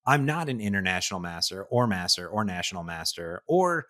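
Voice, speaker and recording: A man hosting a casual chess podcast, energetic and animated, joking about himself. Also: low-pitched, brisk, no echo, studio quality. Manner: energetic, animated, self-deprecating. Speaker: podcast host.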